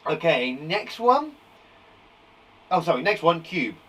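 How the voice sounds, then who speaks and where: A man gives a live phonics lesson to young children from a garden shed classroom, stretching out each sound slowly and praising often. His voice rises and falls a lot and sits fairly high for a man. He is sometimes a little off the mic. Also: sing-song, fairly bright tone, husky, far from the mic, low-quality recording. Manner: upbeat, encouraging, slow deliberate sounding-out of words. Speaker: primary school teacher.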